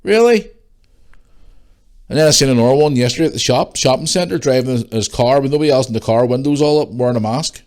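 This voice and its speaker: Tired and yawning, a middle-aged podcast host from Northern Ireland rants bluntly and curses freely in a casual solo chat. His mid-range, darkish voice races along with few pauses.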